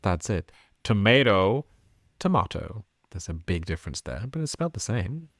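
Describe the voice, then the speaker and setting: A man's voice: deep voice, sing-song, a little fast, darkish tone, no room sound, clean studio sound. A British man who teaches English, co-hosting a casual pronunciation podcast, often laughing and repeating himself. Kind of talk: casual educational chat.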